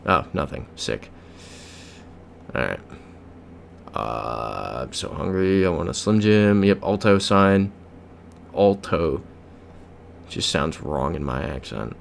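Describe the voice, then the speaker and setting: Deep-voiced American man chatting on stream. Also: expressive, slow pace, vocal fry, long pauses, a little hiss or hum. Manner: chatty, reads chat aloud, mutters guesses to himself. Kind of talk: casual live-stream chat while playing a geography game.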